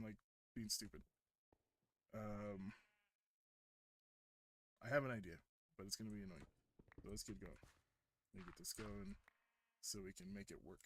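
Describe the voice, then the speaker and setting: A man's voice: on the low side, fairly bright tone, slight background noise. Rambling, hesitant young man streaming. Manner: rambling, hesitant, self-correcting. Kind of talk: casual gameplay commentary.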